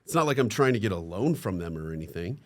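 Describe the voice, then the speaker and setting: A man's voice: on the low side, big pitch swings, fast. A man co-hosting a casual podcast discussion who asks questions hesitantly and laughs often. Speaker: podcast co-host.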